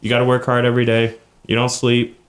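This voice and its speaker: A man's voice: medium pitch, completely flat delivery, fast talker. A man on a podcast as a guest, giving earnest, motivational business advice and repeating phrases for emphasis. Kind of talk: casual podcast chat.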